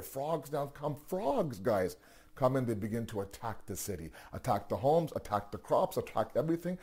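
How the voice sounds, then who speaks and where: A man telling a religious story in a sermon, animated, asking rhetorical questions and often restarting his sentences. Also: mid-range voice, normal speed, husky. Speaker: religious teacher.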